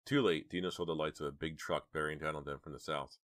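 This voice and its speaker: A man narrating an audiobook with measured, dramatic storytelling. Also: rumbling low, fairly even intonation, a bit bright, dry recording, studio quality. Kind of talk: audiobook reading.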